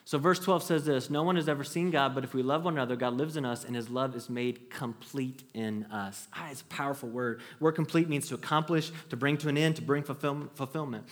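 This pastor, a man in his thirties, talks a little fast with few pauses in his mid-range voice. Preaching earnestly to the congregation, he keeps restarting his thoughts and brings his stories alive with acted quotes.

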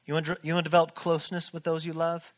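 On the high side and monotone, this man talks very fast. He's a pastor in his thirties giving a sermon from a church stage in a casual, joking style, with questions aimed at the congregation.

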